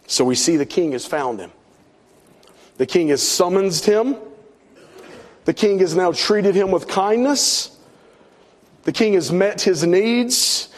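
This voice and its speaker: A middle-aged man, preaching a sermon with swelling emphasis and soft drops. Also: high-pitched, lively intonation, takes it slowly, long pauses. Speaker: pastor.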